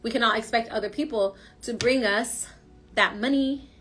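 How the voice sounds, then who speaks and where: A woman's voice: on the high side, moderate pace, fairly bright tone, slightly rough, soft background music. A woman giving a casual spoken tarot reading, emphatic and slangy, coaching her listeners. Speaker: tarot reader.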